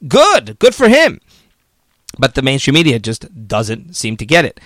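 A man's voice: medium pitch, huge pitch swings, unhurried, fairly bright tone, dry recording. A man hosting a political commentary show, talking casually and argumentatively, often mocking the media with quoted voices.

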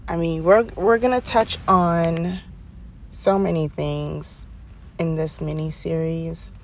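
A young woman hosting her own podcast, talking casually and animatedly, with sassy asides and drawn-out emphasis. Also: deep voice, fairly even intonation, a little hiss or hum. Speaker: podcast host. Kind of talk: casual solo podcast monologue. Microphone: headphones, home podcast mic.

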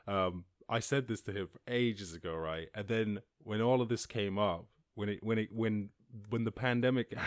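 A man's voice: on the low side, no echo, clean studio sound. An Irish man hosting a solo podcast, rambling and swearing with frequent laughs and restarts. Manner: rambling, profane, laughing, self-interrupting. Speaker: podcast host. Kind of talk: solo podcast rant over news headlines.

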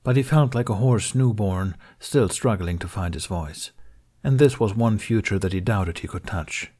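Man reading fiction, lowish voice, steady measured narration. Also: breathy edge. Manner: measured, even storytelling. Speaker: reader. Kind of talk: scripted fan fiction narration.

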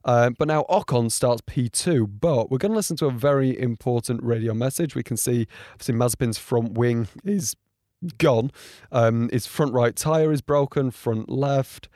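A man giving casual reaction commentary on race highlights, rambling with frequent ums and getting indignant. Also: normal speed, warm tone, no echo, clean studio sound. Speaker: motorsport commentator.

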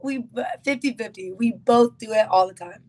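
A woman's voice: a little high, moderate pace, a little mellow, poor audio. A woman guest in a casual podcast chat, giggling a lot as she tells stories about her partner. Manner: giggly, chatty storytelling.

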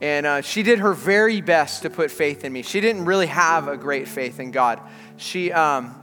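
A man in his thirties preaching a sermon as a pastor, telling an animated story before turning earnest. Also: a little high, normal speed. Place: church auditorium. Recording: large hall with long reverb, faint music.

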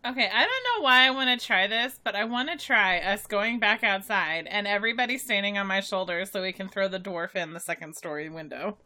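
A woman's voice: medium pitch, fairly quick, few pauses, bright, forceful tone. A woman playing in a tabletop game, giggly and sweary in casual chat. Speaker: player.

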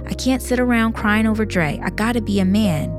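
A woman's voice: mid-range voice, a little fast, over music, lightly acted. A woman reading the lines of a grieving teenage boy who answers defensively. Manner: defensive, clipped. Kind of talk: audiobook-style reading.

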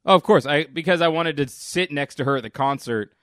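A man's voice: a little high, brisk, a bit bright, smooth, no room sound, studio quality. A man co-hosting a podcast, telling stories in easygoing casual chat and laughing often. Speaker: podcast co-host.

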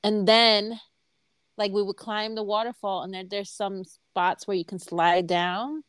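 Bright-voiced woman co-host, dry sound. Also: mid-range voice, steady tone, clean tone, no room sound. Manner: supportive listener, quick reactions. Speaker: podcast co-host. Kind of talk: casual chat.

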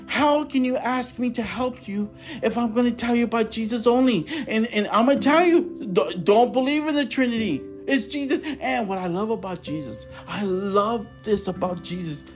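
A man's voice: very high voice, fairly quick, few pauses. Fervent man preaching over faint music. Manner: fervent, repetitive, emphatic, swings between loud bursts and soft asides. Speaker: podcast host. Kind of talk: impassioned testimony preaching.

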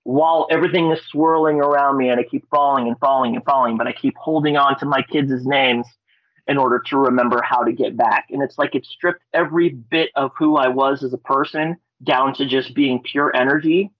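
A man from Alaska, a guest on a podcast, telling a story in a rambling, excitable way, swearing and restarting his words. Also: medium pitch, a little fast, no echo. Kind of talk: casual storytelling. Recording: dry, dull lo-fi audio.

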